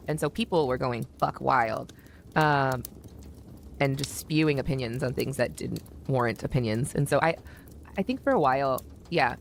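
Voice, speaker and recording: A woman's voice: extremely low pitch, slight background noise. A woman talking openly as an interview guest, rambling a little with many fillers. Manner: open, rambling with frequent fillers. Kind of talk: candid interview talk.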